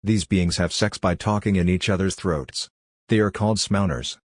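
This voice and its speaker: A brisk young doctor lectures in a matter-of-fact, clinical tone, read by a man. The voice sits very low, and the recording is dry and close with no room around it. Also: fairly even intonation, no room sound. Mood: lecturing.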